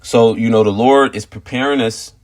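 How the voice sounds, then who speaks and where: A man's voice: mid-range voice, fairly even intonation, normal speed, a little mellow. A man telling a personal story and turning it into informal spiritual teaching, rambling and full of "you know" fillers, stressing points with "okay" and "all right". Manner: emphatic, repeats "okay" and "all right" to drive points home. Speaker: religious teacher sharing a testimony.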